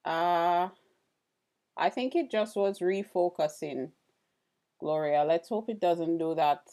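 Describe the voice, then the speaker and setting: A chatty woman hosts a relaxed live stream, greeting viewers between tasks. Her voice sits low with a gravelly edge, and she talks at an unhurried, slow pace. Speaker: livestream host. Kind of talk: casual live-stream chat while carving.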